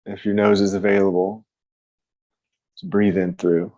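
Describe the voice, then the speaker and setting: A man leading a live guided breathwork session in a slow, gentle way, pausing often. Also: sits low, flat delivery, dry recording, lo-fi sound. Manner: slow, gentle, with long pauses. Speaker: meditation guide. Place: room at home with a fan.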